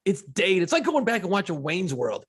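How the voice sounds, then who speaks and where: A man's voice: high voice, huge pitch swings, brisk, husky. A man co-hosting a podcast in casual chat, profane and joking, quoting his own reactions. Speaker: podcast co-host.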